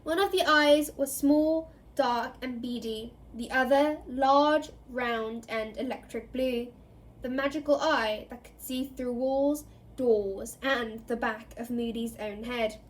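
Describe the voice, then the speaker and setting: A woman reading a novel aloud in an expressive storytelling way, giving each character a voice. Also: a little high, takes it slowly. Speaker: reader.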